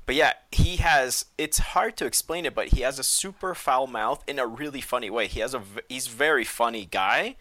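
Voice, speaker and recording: Bright-voiced man, animated storytelling. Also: medium pitch, moderate pace, few pauses. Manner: animated storyteller, acts out quoted dialogue. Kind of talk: casual chat.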